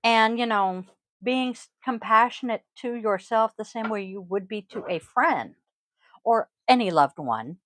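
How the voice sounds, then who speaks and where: A woman with a voice pitched a little above the usual, hosting a casual podcast and chatting in a loose, rambling way full of ums and throat-clearing. She is recorded at home on a close microphone in a dry, dead room with no echo. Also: animated, unhurried, a bit bright. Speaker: yoga teacher and podcast host.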